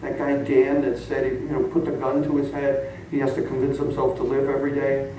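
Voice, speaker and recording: Animated man preaching in an echoey hall. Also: medium pitch, fairly quick, distant mic, slight background noise. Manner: animated, laughing storyteller. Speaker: pastor. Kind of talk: sermon storytelling. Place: church sanctuary.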